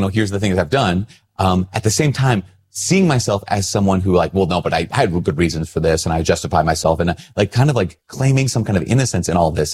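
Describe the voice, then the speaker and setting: Husky lowish guy, priest chatting to the camera, tells stories, pokes fun at himself. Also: a little mellow. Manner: chatty, self-deprecating storytelling. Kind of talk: casual reflective talk to camera.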